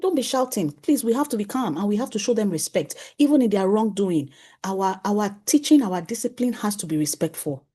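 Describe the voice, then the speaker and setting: A woman speaks to a room of parents as a parenting coach. Her voice sits at a middle pitch with a warm, mellow colour. She is animated, chuckles often, and acts out little family dialogues as she teaches. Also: brisk, husky. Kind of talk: conference talk to parents.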